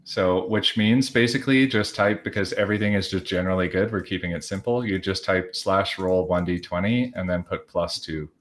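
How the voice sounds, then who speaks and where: A man's voice: deep voice, fairly quick, few pauses. A man running a tabletop role-playing game, narrating in long, rambling chains of "as he just says" with lots of fillers. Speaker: game master.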